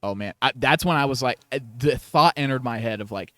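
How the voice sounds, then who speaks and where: A young man talks excitedly on a podcast, his thoughts spilling out in restarts and "like"s. His voice sits at an ordinary pitch and sounds dry and close to the mic. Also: a little fast, no room sound. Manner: gushing, excitable, rambling with many restarts. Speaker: podcast co-host. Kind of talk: casual TV review chat.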